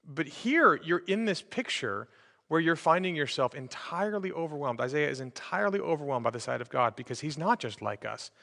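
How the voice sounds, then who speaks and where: A man's voice: fairly high pitch, expressive, a little fast, vocal fry, bright, forceful tone, long reverb tail. A man preaching a sermon as pastor, in a conversational way with frequent fillers and restarts. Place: church sanctuary.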